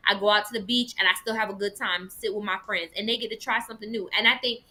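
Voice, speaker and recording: A woman co-hosting a casual vegan talk show, telling stories in an animated way and slipping into playful voices now and then. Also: medium pitch, quick pace. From Jamaican heritage. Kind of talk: casual chat.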